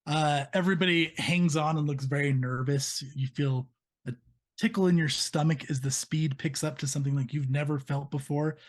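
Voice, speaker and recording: A man's voice: on the high side, normal speed. Man narrating as game master. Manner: vivid, steady scene narration.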